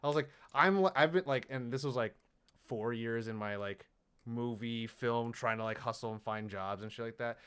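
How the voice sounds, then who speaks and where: Profane, animated young man with a smooth voice. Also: mid-range voice, normal speed. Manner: loose and profane, animated retelling of conversations. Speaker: podcast co-host. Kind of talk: casual chat.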